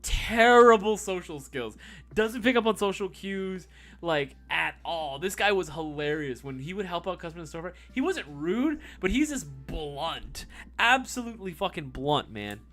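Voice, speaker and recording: A young man hosting a live stream, telling a long story casually with lots of swearing and sudden swings from loud to low. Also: normal speed. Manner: animated, profane, swings between loud and low.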